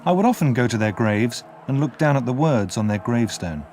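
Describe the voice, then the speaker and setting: Expressive male storybook narrator. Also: medium pitch, brisk, faint music behind. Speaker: audiobook narrator.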